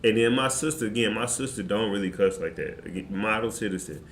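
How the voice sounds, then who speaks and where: A man streamer telling a story in casual, slangy, animated fashion. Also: lowish voice, brisk. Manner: animated, slangy, excitable retelling. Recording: roomy with faint background noise.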